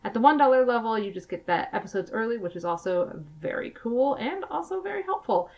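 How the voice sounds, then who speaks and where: A woman co-hosting a podcast in casual chat, emphatic and quick to laugh. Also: on the high side, big pitch swings, dull audio. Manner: chatty, laughs often, emphatic. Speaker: podcast co-host.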